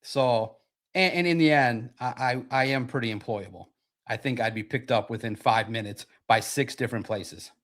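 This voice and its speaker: A man's voice: medium pitch, normal speed, fairly bright tone. A man in his forties hosting a sports podcast, talking in a brash, profane and boastful way in a casual livestream monologue. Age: 40s.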